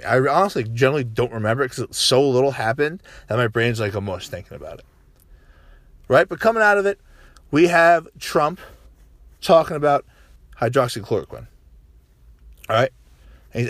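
A man rants through a casual political monologue, peppering it with profanity and rhetorical "right?" tags. His voice sits at an ordinary middle pitch. The recording is dry and close, with no room sound. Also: no echo. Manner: profane, animated, ranting; frequent "right?" tags and restarts.

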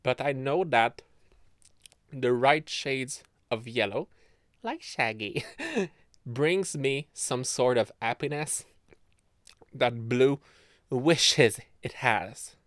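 A man's voice: mid-range voice, drawn-out words, long pauses, no room sound, clean studio sound. A man in his twenties hosting a casual solo podcast, rambling and giggling as he talks. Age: 20s. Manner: rambling and giggly, laughing often mid-sentence. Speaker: podcast host.

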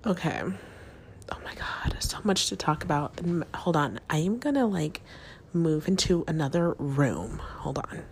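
A woman's voice: low voice, animated, measured pace, slight background noise. A woman in her thirties hosting a casual podcast from her kids' bedroom, chatty and swearing, often dropping into a whisper. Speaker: podcast host. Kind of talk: casual chat.

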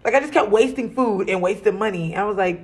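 A woman's voice: mid-range voice, quick pace. Casual woman telling a story, laughing. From Arizona. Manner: animated storytelling, slangy, laughs often. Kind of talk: casual chat.

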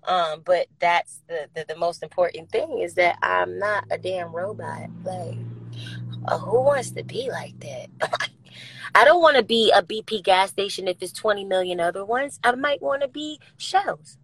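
A woman's voice: medium pitch, a little slow, husky, no echo, poor audio. Brash outgoing woman, blunt and profane. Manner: lively, swings between loud and soft. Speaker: interview guest, recording artist. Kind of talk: candid interview talk.

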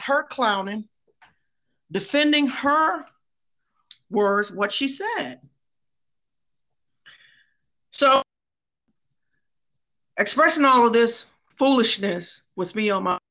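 A woman telling a workplace story in an animated, casual way, often repeating herself. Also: a little high.

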